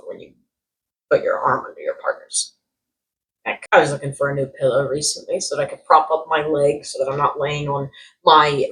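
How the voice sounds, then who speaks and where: A young woman vlogging comedic product reviews, sarcastic and animated, jumping from loud outbursts to muttered asides. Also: low-pitched, rough recording. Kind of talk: casual comedic commentary.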